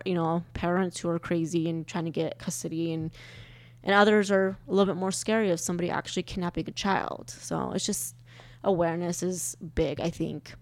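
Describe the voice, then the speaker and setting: A young woman co-hosting a podcast with her husband, chatty and quick to laugh, emotional as she talks about children. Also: fairly low pitch, dry recording. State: pregnant. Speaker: podcast co-host. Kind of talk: casual chat.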